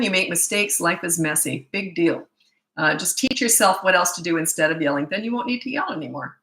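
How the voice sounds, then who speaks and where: A woman's voice: mid-range voice, bright, forceful tone, reverberant, rough recording. A middle-aged woman parenting coach answering viewer questions in a blunt, emphatic way, often restarting her sentences.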